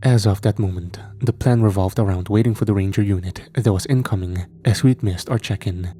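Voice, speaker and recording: A man narrating a first-person horror story in a measured, steady way. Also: lowish voice, slight background noise.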